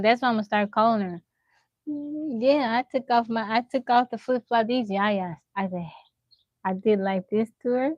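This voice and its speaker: A young woman live-streaming from her phone, telling animated stories to her chat and laughing often. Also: medium pitch, dry recording. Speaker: livestreamer.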